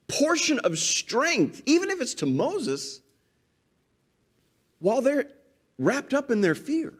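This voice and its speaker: A man preaching a sermon, expressive, acting out quoted people as he talks. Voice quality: animated, voices quoted people dramatically. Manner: expressive, rises and drops pitch for emphasis.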